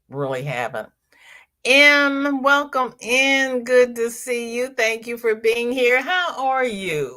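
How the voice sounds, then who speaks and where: Slow-talking Southern woman host. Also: lowish voice, pushed and bright. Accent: Southern American. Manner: chatty, repeats herself, greets viewers by name. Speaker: crochet livestream host. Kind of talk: casual livestream chat reading comments.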